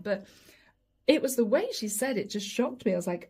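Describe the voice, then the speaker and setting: A chatty woman reads tarot cards to her viewers with a fairly high, mellow voice. Her tone has a husky, breathy edge. She talks lively and loose, often mimicking the people she describes. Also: fast talker. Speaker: tarot reader. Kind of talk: chatty tarot reading to camera.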